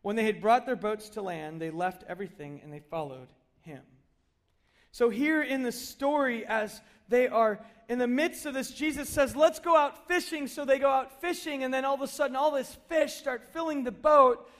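A middle-aged man preaching a conversational sermon, telling stories with animated asides. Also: very high voice, moderate pace. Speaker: pastor.

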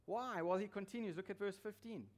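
Delivering a sermon at a fairly quick pace, this male pastor uses a fairly high voice. Emphasis and repetition of key phrases hammer each point home.

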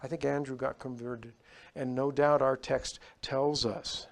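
Male pastor, sermon delivery, emphatic, swings from loud rises to hushed drops. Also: mid-range voice, little pitch movement, measured pace, gravelly.

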